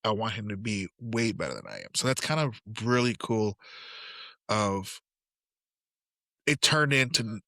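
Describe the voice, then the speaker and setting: In a fairly low voice, a little slow and with long pauses, a middle-aged man co-hosting a podcast relates family stories casually. He gets animated and acts out the quoted dialogue. The recording is clean studio sound with no room sound.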